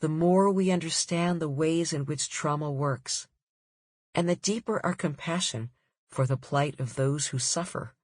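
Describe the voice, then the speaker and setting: A woman author reading her own nonfiction audiobook in a measured, deliberate way. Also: low-pitched, slightly rough, dry recording, studio quality.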